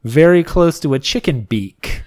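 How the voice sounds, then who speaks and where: A man's voice: on the high side, expressive, measured pace, darkish tone. A man co-hosting a podcast, recapping a dating show in casual chat, laughing often and joking crudely. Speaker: podcast co-host.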